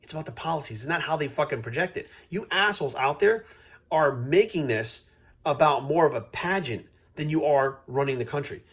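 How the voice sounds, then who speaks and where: A man in a fired-up, unscripted rant to camera, blunt and swearing freely. His voice sits a little high for a man and has a husky, grainy edge. He talks in a steady stream and keeps coming back to the same point. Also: brisk. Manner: heated, profane, blunt. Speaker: fitness coach vlogging.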